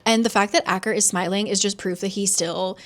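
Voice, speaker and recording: A woman talking through a book's plot in a loose, chatty way. She is sarcastic, throws in quick asides and swears now and then. She slips into the characters' lines as she goes. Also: mid-range voice, fairly even intonation. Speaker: book reviewer. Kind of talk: casual book plot recap.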